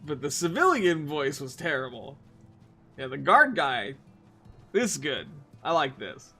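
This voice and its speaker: Young male streamer, bright and fairly high voice, rambling, cussing, casual stream chatter. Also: sing-song, measured pace, soft background music. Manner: rambling, profane, frequent restarts. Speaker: game streamer. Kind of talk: casual gaming stream chat.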